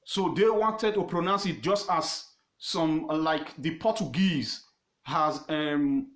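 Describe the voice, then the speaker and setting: A man with a Nigerian accent teaching history informally on his own page, emphatic and repetitive, pausing often with fillers. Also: a little high, echoey room. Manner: emphatic, repeats words, pauses with fillers.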